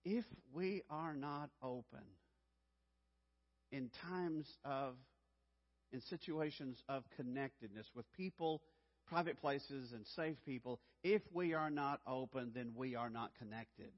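A man's voice: medium pitch, a little slow, big-room sound, muffled recording. A man preaching a sermon as pastor, emphatic, repeating key phrases and calling out to the congregation for responses.

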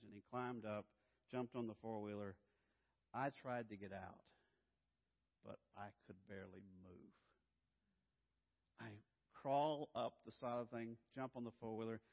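A man telling a personal story to an audience, dramatic and swinging from loud to hushed. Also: on the low side, unhurried, pauses often. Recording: dull, echoey hall recording.

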